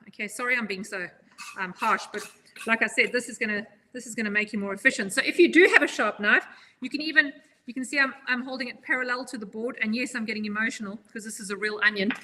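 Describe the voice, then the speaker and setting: A woman's voice: on the high side, bright, forceful tone. A woman chef giving a chatty, upbeat live knife-skills demonstration, joking at her own expense as she goes. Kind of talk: live cooking demo.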